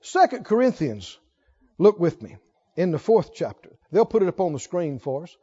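Preaching in a church sanctuary, a man with a strikingly high, warm, slightly rough voice speaks at a moderate pace with big swings in pitch. He fires rhetorical questions at the congregation and drives points home by repeating them emphatically. The recording sounds dull and muffled, with long reverb from the room.

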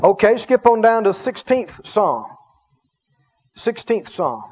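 A man's voice: high voice, very animated, slow, darkish tone, breathy edge, some chatter behind. A man preaching a sermon as a pastor, with emphatic delivery that stretches out key words and calls the congregation to respond. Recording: dull lo-fi sermon recording.

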